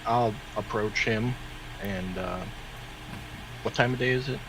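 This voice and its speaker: Mid-pitched male player, noisy recording. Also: a little slow. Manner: practical, organizing, polite. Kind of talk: casual tabletop play.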